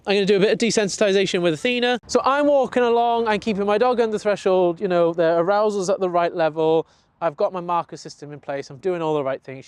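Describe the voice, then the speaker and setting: A young man from the UK, a dog trainer, giving an earnest, explanatory lesson and acting out his dog's thoughts in quick asides. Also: sits high, a little mellow, dry recording. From United Kingdom. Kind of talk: talking-head training lesson.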